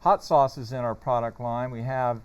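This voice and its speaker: A man's voice: medium pitch, steady tone, measured pace, clean tone. A man with a Southern American accent, representing a sauce company, chatting casually on a TV set with some fillers. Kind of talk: casual studio chat. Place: TV studio set.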